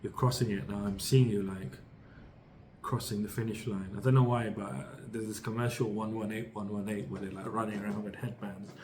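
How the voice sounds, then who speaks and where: A British man with a low voice gives a casual tarot reading, rambling and upbeat as he restarts his sentences. His pitch stays fairly flat, and faint noise hums under the recording. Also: a little fast. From United Kingdom. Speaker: tarot reader.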